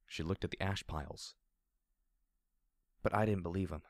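A man reading a first-person story aloud in a steady, low-key narration. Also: moderate pace, long pauses, no echo, studio quality. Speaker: audiobook narrator.

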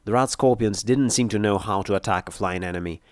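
A man narrating a first-person adventure story with a steady, measured delivery. His voice is on the lower side and the recording is dry and close, with no room sound. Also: no echo. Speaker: audiobook narrator.

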